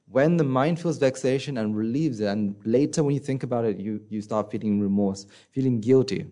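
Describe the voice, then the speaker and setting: A man giving a conversational Buddhist dharma talk, often asking the listeners questions and acting out inner voices in a soft, low tone. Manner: conversational, asks the audience rhetorical questions. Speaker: Buddhist teacher.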